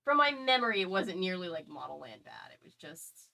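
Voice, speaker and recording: Woman host, casual chat, rambly with filler words, lowish voice. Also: sing-song, brisk, vocal fry, pushed and bright, low-quality recording.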